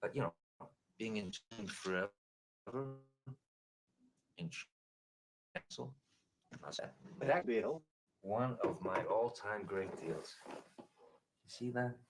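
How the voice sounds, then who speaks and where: A man playing a brash tycoon in an improvised comedy sketch, boastful and quick to cut others off. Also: lowish voice, lively intonation, background noise.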